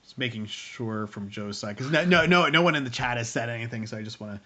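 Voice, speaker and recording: A man's voice: medium pitch, expressive, fast talker, bright, forceful tone. A man co-hosting a casual review show, talking in long rambling stretches with many restarts. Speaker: podcast co-host running the stream.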